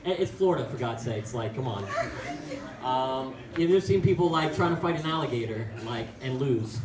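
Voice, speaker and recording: This young stand-up comic's medium-pitched voice is animated and moderately paced as he rambles through a self-mocking story full of fillers. The room is echoey, with a crowd, and he's recorded from far off.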